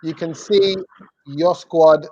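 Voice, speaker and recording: A host on a live fan show over a video call, playful and teasing, asking guests one question after another. the sound is dull and lo-fi, like a muffled webcam mic, and the voice sits at a middle pitch. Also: steady tone, slow pace, dark tone. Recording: dull lo-fi audio.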